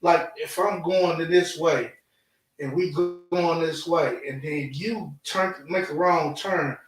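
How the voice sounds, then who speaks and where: Blunt, emphatic man co-host, slightly high. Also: takes it slowly. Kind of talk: casual chat on a live show. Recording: echoey room, distant mic.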